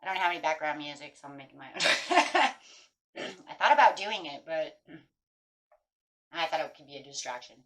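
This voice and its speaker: A woman's voice: sits low, very animated, normal speed, pauses often, fairly bright tone. A middle-aged woman giving a chatty, casual tarot reading, breaking into anxious inner voices. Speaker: tarot reader.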